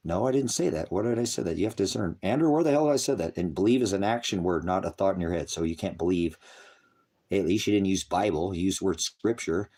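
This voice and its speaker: A man's voice: quick pace, dark tone, breathy edge. Man, livestream preacher, crude and combative, swears freely, reads and mocks chat comments. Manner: profane, mocking, combative; mocks others in shrill put-on voices. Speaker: online preacher.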